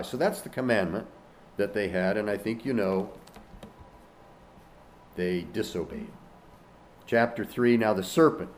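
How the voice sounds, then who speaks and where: Male preacher, measured delivery, pitch rising and falling a lot, emphatic and questioning. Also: darkish tone. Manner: emphatic, questioning, reads scripture aloud. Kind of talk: sermon.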